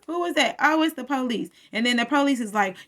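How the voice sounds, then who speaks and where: A woman's voice: high-pitched, animated, quick pace, fairly bright tone. A woman casually recapping a TV episode in a chatty storytelling way, acting out the characters' lines as she goes.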